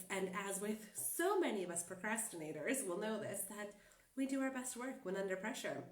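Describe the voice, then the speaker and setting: A woman coach with a stuffed-up cold, chatting casually and rambling with fillers and laughs. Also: mid-range voice. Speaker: life coach. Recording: roomy and distant from the mic.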